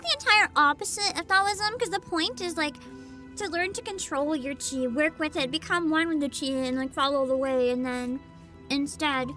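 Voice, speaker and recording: A woman streaming a game, reading its text aloud and chatting casually with wry remarks. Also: sits high. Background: game music.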